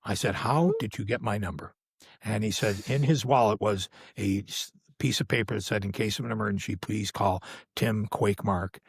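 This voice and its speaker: An older man, a podcast guest, telling a long anecdote in casual conversation and acting out the quoted voices with sudden loud exclamations. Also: on the low side, normal speed, vocal fry, husky, no room sound, clean studio sound. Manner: animated, acts out quoted dialogue with sudden raised exclamations. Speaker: podcast guest, veteran live sound engineer.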